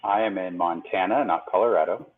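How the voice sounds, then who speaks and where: Rambling male co-host on a thin phone line, low voice. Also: fairly quick, breathy edge. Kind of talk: casual chat over a call.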